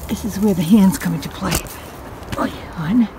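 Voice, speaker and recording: A woman's voice: medium pitch, moderate pace, noisy background. An older woman narrating a casual walking vlog outdoors on a hiking trail, chatty and self-deprecating, a bit out of breath, talking to herself as she goes. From New England, USA. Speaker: vlogger.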